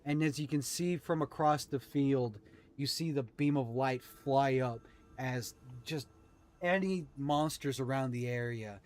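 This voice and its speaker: A man running a tabletop game as game master, narrating the scene in an animated way. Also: medium pitch, unhurried. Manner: animated, shouts out monster lines.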